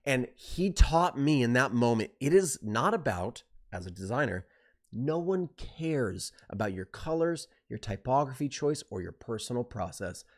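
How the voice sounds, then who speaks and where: A man teaching design on a live stream, talking fast and excitedly, driving points home with rhetorical questions. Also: mid-range voice.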